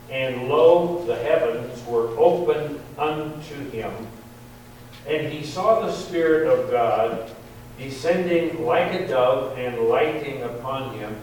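A man preaching a sermon, slow and deliberate, lifting his voice on quoted verses. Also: medium pitch, darkish tone. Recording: very echoey hall, distant mic, faint hum.

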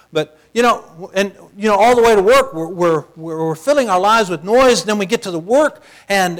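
A high-pitched male preacher delivering a sermon. He talks in a folksy, chatty way with homely asides, then drops to a hush before climbing back to shouting. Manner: swings from loud shouting to near whisper.

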